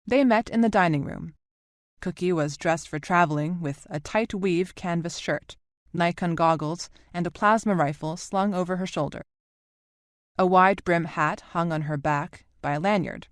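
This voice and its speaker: A woman narrating a novel in a steady, even reading voice. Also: lowish voice, no room sound, clean studio sound. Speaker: audiobook narrator. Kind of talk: audiobook narration.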